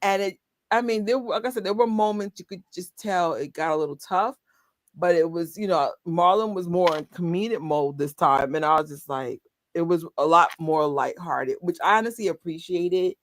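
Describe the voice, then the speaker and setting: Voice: medium pitch, moderate pace, dry recording. A co-host in casual chat, telling stories animatedly with laughter and quoted reactions.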